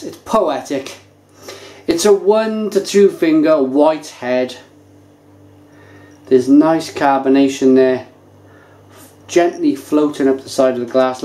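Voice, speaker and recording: A man reviewing craft beer to camera, talking casually with animated enthusiasm. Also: fairly high pitch. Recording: echoey room.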